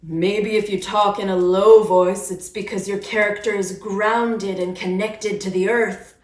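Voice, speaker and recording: A woman's voice: mid-range voice, fairly even intonation, measured pace, few pauses, darkish tone, roomy sound. A woman teaching puppet-making to children, playfully demonstrating different voices as she explains. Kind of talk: instructional video for kids.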